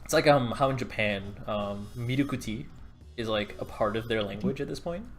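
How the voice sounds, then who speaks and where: A man chats through a live game stream, coaching viewers in a loose, rambling way full of "like" and "um". His voice sits at an ordinary middle pitch. Faint music plays behind him. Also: a little fast. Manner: chatty, rambling, filler-heavy. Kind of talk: casual livestream commentary.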